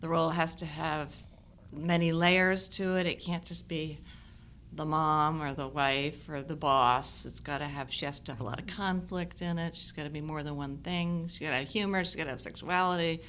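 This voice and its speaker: Woman in her 60s, bright voice, chatty actress spinning anecdotes, faint hiss behind. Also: low-pitched, moderate pace. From United States. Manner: animated storyteller, laughs often. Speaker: actress guest. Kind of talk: casual conversation.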